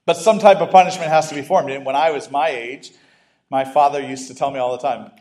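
A man's voice: medium pitch, fairly even intonation, fairly quick, a little mellow. A man preaching a sermon as a pastor, conversational, breaking off into humorous asides and restarts.

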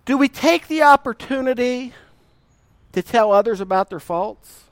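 A man's voice: very high-pitched, expressive, no echo. A middle-aged man preaching a sermon, telling folksy stories with a laugh and stretching out key lines. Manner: folksy storytelling with laughter and emphatic drawn-out verses. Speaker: pastor.

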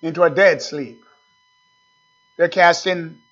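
A man preaching a sermon, emphatic, stretching words slowly to stress the scripture. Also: fairly high pitch, fairly bright tone. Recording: dull lo-fi recording.

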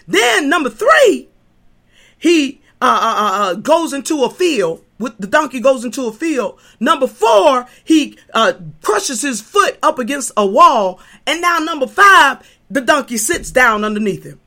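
A woman preaching a sermon, moving from hushed talk to shouting, repeating herself and stumbling over fillers. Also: high-pitched, sing-song, unhurried. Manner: impassioned, swings from hushed to shouting.

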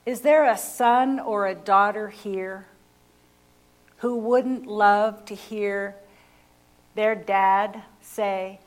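A woman preaching a sermon, slow and emphatic, repeating key phrases and asking the congregation questions. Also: mid-range voice.

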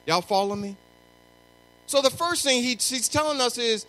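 Middle-aged male preacher, high voice, emphatic, shouts and repeats phrases. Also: moderate pace, poor audio. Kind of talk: sermon.

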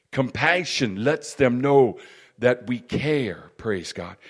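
A man preaching a sermon, peppering his speech with "praise God" and "amen" and building to fervent emphasis. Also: medium pitch.

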